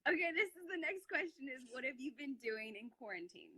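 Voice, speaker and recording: Giggly woman chatting on a phone live, kinda breathy and high. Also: sing-song, brisk, bright, forceful tone. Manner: giggly, lots of "like". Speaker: actress on a live stream. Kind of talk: casual chat, reading fan questions. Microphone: phone on a live stream.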